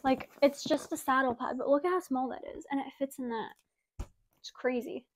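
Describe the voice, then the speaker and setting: A young woman with a bright, high voice chats through a casual home unboxing. She gushes with excitement, sounds a little out of breath, and leans on "like" and "oh my gosh" as she talks into a wireless mic. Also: moderate pace. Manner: gushing, excitable, many "like" and "oh my gosh". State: slightly out of breath. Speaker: vlogger.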